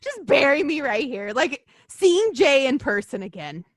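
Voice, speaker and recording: A woman co-hosting a podcast in casual chat, excitable and gushing, swearing freely. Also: high-pitched, measured pace, no echo, clean studio sound. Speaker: podcast co-host.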